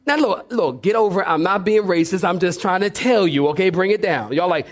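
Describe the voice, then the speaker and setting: In a church sanctuary, a pastor with a high-pitched voice preaches a little fast to his congregation. He tells humorous stories and trades back-and-forth remarks with the people in the pews.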